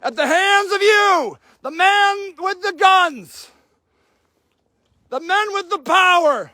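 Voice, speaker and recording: Very high-voiced man shouting in anger. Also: slow pace, no echo. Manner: shouting, angry and sarcastic. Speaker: activist filming a camp sweep. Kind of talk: livestreamed street confrontation. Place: outdoor homeless camp in snow.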